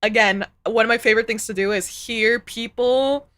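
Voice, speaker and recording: A woman streamer in casual live-stream chat, animated, groaning and laughing as she reacts to clips. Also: a little high, moderate pace.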